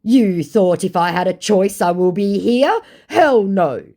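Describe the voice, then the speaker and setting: An Australian woman puts on a young male scammer who brushes off blame. His delivery is defensive and dismissive, and his pitch swings widely. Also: lively intonation, a little slow, warm tone.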